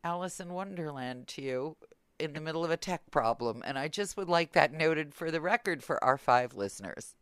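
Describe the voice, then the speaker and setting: A woman hosting a podcast, chatting casually and tossing off dry, quick wisecracks. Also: deep voice, expressive, smooth, dry recording. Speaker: podcast host. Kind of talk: casual chat.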